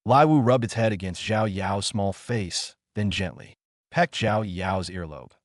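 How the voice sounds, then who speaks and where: A man with a lowish voice reads a storybook-style fantasy tale in a steady, even way. The recording is dry and close, with no room sound at all. He lifts his pitch a little when the characters speak. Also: measured pace, dry recording. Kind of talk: scripted storybook narration.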